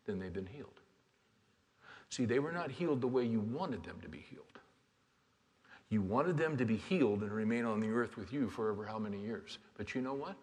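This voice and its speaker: A man preaching a sermon as a pastor, dropping to quiet, hushed lines and then rising to loud, fervent exhortation. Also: on the low side, expressive, a little fast. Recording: long hall reverb.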